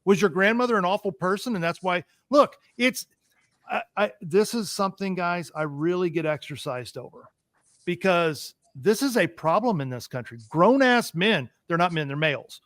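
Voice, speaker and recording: A man's voice: high voice, lively intonation, normal speed, a bit bright, dry recording, studio quality. A man hosting a talk show, ranting emphatically about politics and repeating his points as he gets worked up.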